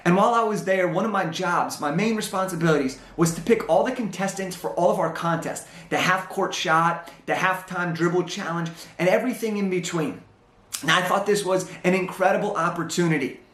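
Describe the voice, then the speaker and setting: High-voiced young man telling a story. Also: reverberant. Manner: animated storyteller, acts out dialogue. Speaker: motivational speaker. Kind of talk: storytelling talk on stage.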